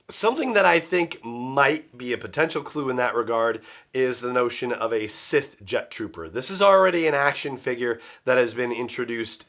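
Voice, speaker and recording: A man's voice: mid-range voice, a bit bright. Musing male podcast host. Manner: musing, speculative, many "you know" fillers. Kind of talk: solo podcast commentary.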